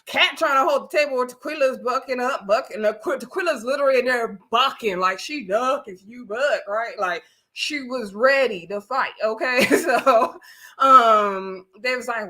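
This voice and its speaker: A woman's voice: on the high side, moderate pace, sharp tone. A woman chatting casually on a live stream, recapping a reality show with frequent laughter and acted-out quotes. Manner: chatty, laughs often, acts out quoted voices.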